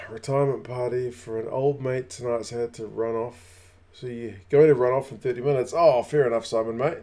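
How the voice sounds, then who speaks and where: A man's voice: mid-range voice, fairly even intonation, normal speed, dark tone. Aussie guy chatting on a rugby watch-along stream, rambly, says hi to viewers by name. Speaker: rugby channel host. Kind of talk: casual live watch-along chat reading comments.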